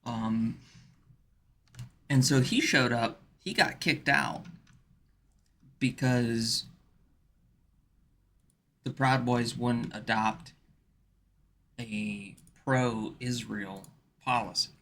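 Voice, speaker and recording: Man, casual stream chat, slow drawn-out talk, bright edgy tone, lots of fillers. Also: medium pitch. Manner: rambling, many fillers and restarts.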